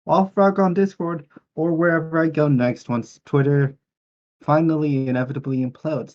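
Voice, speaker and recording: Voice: medium pitch, fairly even intonation, normal speed, a little mellow. Joking player on a dull, lo-fi mic. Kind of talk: casual character introduction.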